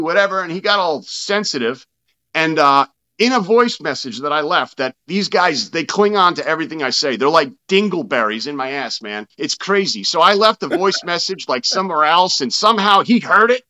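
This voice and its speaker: A man's voice: sits high, bright, forceful tone, smooth, lo-fi sound. A man speaking as a podcast guest, telling a story bluntly, swearing freely and quoting his own past arguments. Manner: blunt and profane, retelling arguments in his own quoted words. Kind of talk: casual interview storytelling.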